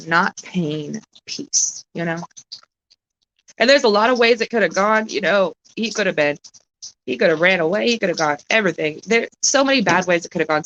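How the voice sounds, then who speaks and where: A woman's voice: on the low side, fairly bright tone, poor audio. Tearful, swearing woman streaming live. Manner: halting, emotional, swears a lot. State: close to tears. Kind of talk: casual live-stream chat.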